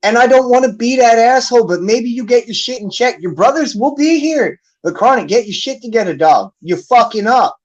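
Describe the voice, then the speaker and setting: A man's voice: very high voice, expressive, fairly quick, hardly any pauses, lo-fi sound. A man hosting a battle rap league stream, ranting angrily and profanely as he calls someone out. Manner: angry, profane, calling someone out. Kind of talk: heated livestream rant.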